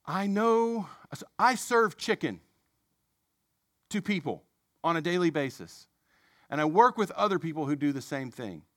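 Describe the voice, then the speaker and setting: Male preacher, young adult, conversational sermon with self-mocking asides, slightly high voice, dry recording. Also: expressive, unhurried, long pauses, no echo. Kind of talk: sermon storytelling.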